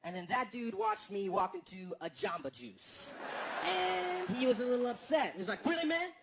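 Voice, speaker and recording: A man doing a stand-up comedy set on stage, telling stories deadpan and then bursting into loud, exaggerated rants. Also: high-pitched, moderate pace, creaky, heavy background noise. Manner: deadpan storytelling that breaks into loud, exaggerated outbursts. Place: comedy stage before a live audience. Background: audience laughter and applause.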